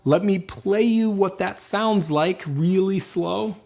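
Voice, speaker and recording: A man teaching a banjo lesson, explaining and encouraging in a calm, clear way. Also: high voice, slow, soft background music. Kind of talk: instructional lesson.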